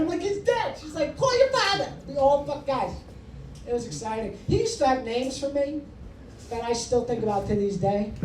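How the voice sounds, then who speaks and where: A male stand-up comic with a fairly high voice, swearing freely and needling the crowd. He sounds far from the mic in a reverberant room. A steady layer of noise sits under his set. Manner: brash, profane, teasing the audience. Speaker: stand-up comedian. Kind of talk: stand-up comedy with crowd work. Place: comedy club with a live audience. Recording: echoey room, distant mic, noisy.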